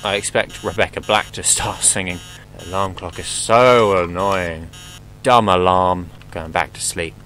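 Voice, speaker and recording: A man's voice: deep voice, fairly even intonation, measured pace, bright, forceful tone, rough recording. A young man commenting casually on a horror game as he plays, joking, swearing and yelping at scares. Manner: joking, swearing, jumpy exclamations. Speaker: gameplay commentator.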